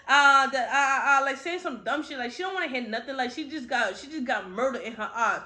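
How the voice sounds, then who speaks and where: A woman's voice: high-pitched, moderate pace, few pauses, bright, forceful tone. A woman giving a casual, slangy recap of a book, chatty and full of swearing. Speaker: book reviewer. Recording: roomy echo.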